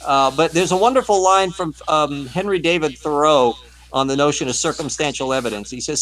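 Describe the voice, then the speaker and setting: A man on a live stream discussion, explaining in a measured, professorial way. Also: on the high side, fairly bright tone, rough recording. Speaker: panelist.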